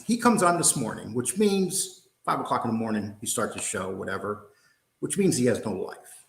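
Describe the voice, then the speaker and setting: A man's voice: mid-range voice, animated, normal speed, vocal fry. An older man hosting a livestream, ranting angrily in a profane, combative, mocking way. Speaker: host. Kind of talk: angry livestream rant. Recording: roomy echo.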